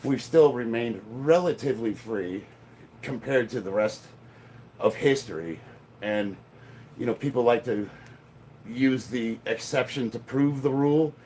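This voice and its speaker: A man's voice: mid-range voice, unhurried, darkish tone, slight background noise. Blunt middle-aged man rambling. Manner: rambling, thinks aloud, blunt with casual swearing. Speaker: strength athlete livestreaming his workout. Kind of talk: casual livestream chat. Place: home gym. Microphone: camera set up across the room.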